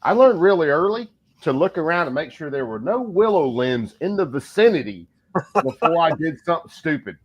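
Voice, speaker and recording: A man's voice: fairly high pitch, fairly quick, breathy edge. A man telling joking stories from his childhood in a casual podcast chat. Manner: lively, joking storyteller. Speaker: podcast co-host. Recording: slightly dull lo-fi audio.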